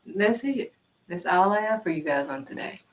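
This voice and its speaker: A woman giving a casual inspirational faith talk as a vlogger, animated and acting out dialogue as she speaks. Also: medium pitch, normal speed, distant mic, slight background noise, rough recording. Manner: animated, acts out quoted dialogue.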